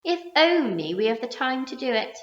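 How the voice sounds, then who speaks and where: A woman voicing an earnest, resourceful young boy who calmly explains his plan in a storybook reading. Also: high-pitched, normal speed, pitched above the performer's own voice. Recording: roomy muffled recording.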